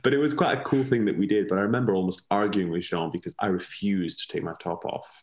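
A man's voice: lowish voice, fast. A man, a ballet dancer, chatting casually as a podcast guest, rambling with many restarts and fillers. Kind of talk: casual conversational interview.

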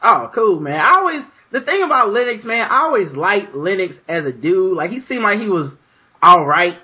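A man hosting a podcast in casual chat, animated, acting out quotes in a raised voice. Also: high-pitched, normal speed, slightly rough, lo-fi sound. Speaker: podcast host.

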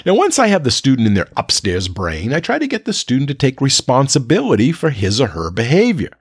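Calm and explanatory, a man gives an instructional talk to fellow teachers, checking in with rhetorical "right?" questions. His slightly husky voice moves a lot in pitch as he stresses points, at a little fast pace, on a dry, close recording with no room sound.

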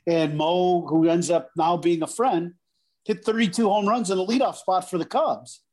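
A man's voice: sits high, normal speed. A middle-aged man, a former pro baseball player, casually telling stories as a guest and acting out the voices in them. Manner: animated, acts out voices in anecdotes. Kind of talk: casual storytelling.

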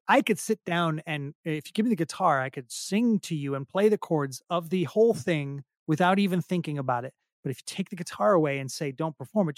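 Man, middle-aged, rambling, self-deprecating, fairly high pitch, dry sound. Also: dry recording. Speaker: podcast guest, singer-songwriter. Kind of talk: casual interview chat.

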